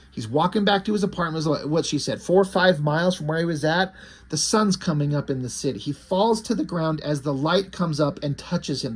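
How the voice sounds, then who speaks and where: A man with a husky, slightly high voice walks through a graphic novel page by page. He talks casually and enthusiastically, swearing now and then when something impresses him. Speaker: comic book reviewer. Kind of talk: casual book review retelling.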